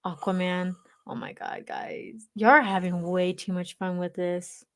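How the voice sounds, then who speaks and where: A woman's voice: fairly low pitch, flat delivery, a little slow. A woman chatting casually with viewers on a livestream, teasing them and reading their comments aloud. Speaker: livestream reader.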